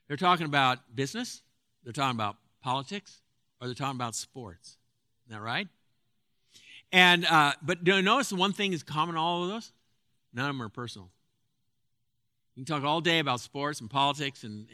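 A man lectures in a very bright, somewhat high voice, earnest and a little halting as he restarts his phrases. The sound is dry and close, with no room around it. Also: dry recording. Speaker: counselor lecturing on anxiety. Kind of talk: spoken lecture with anecdotes.

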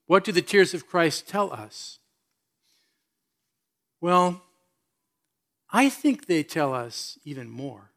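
A man's voice: a little high, lively intonation, slow, creaky, long pauses, a bit bright. A man preaching a sermon as pastor, reading scripture and speaking earnestly with questions to his listeners.

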